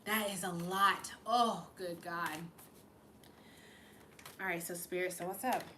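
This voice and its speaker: A woman's voice: lowish voice, steady tone, takes it slowly, pushed and bright, a little hiss or hum. A woman giving a live-streamed channeled reading, emotional and fighting back tears, rambling and swearing as she goes. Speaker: psychic reader hosting a live stream.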